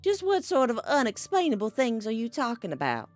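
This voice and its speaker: Woman doing a high, lilting older Southern mom, polite and gently worried; soft game music behind. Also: wildly swooping pitch, a little fast. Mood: genteel. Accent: put-on American Southern. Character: genteel older southern mother, soft-spoken. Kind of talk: reading a visual novel aloud, doing voices.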